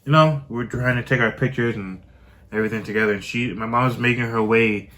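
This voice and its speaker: Bright-voiced man telling a story. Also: mid-range voice, fairly quick. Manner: animated slangy storytelling with voiced quotes. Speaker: podcast co-host. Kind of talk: casual storytelling chat.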